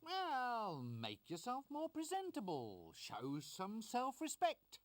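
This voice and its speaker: Put-upon young wizard in a game, wry and chatty, voice swinging up and down. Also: male voice, very high-pitched, wildly swooping pitch, dry recording, full character voice. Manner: wry, chatty, quick retorts. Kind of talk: video game voice acting.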